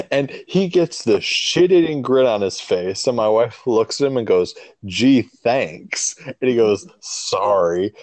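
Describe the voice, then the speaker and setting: A man's voice: mid-range voice, expressive, moderate pace, darkish tone, no echo. A man co-hosting a casual podcast, telling rambling, profane stories about being a dad with many restarts. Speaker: podcast co-host; father.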